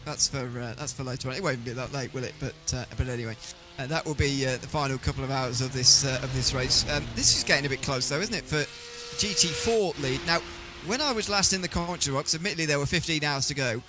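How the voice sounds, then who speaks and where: A man's voice: medium pitch, fast talker, hardly any pauses, music in the background. A man giving live sim racing commentary, chatty and teasing his co-commentator.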